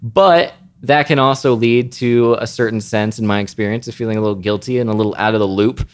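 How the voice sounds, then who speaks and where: A man's voice: on the low side, brisk. A man co-hosting a podcast, chatting casually in a wry, self-mocking way. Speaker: podcast co-host. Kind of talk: casual chat.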